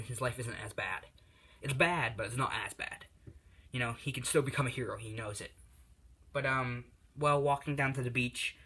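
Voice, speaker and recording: A man's voice: mid-range voice, pushed and bright. A man casually telling a fan story, rambling with lots of fillers and restarts.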